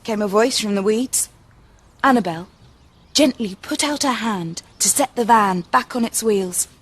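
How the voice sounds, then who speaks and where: A woman reading a children's storybook aloud in a gentle, expressive way. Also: mid-range voice, unhurried, breathy edge. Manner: gentle, expressive, varied pacing.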